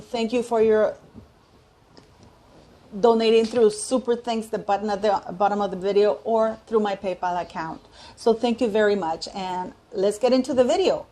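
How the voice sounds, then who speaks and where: This channel host is a woman in her fifties with a medium-pitched, darkish voice. In her opinionated commentary vlog she chats casually and voices firm views, frequently starting sentences over and hunting aloud for the right word.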